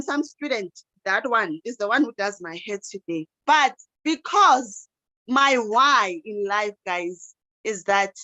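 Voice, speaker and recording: A woman's voice: medium pitch, pushed and bright, dry recording, rough recording. A woman, a teacher and life coach, giving an emotional motivational talk on a video call. She repeats herself often and keeps calling her listeners guys.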